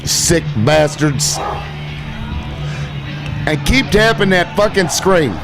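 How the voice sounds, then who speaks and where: A man's voice: sits high, slow, music in the background. A man hosting a livestream, ranting with heavy swearing and sarcasm, irritated. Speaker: livestream host. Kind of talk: profane livestream rant.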